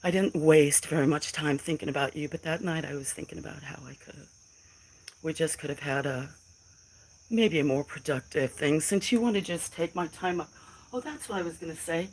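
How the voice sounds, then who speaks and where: A woman's voice: deep voice, steady tone, moderate pace, darkish tone, rough recording. Defiant woman livestreaming from her phone. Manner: defiant, emotional, addressing trolls directly. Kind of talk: casual live stream talk to chat.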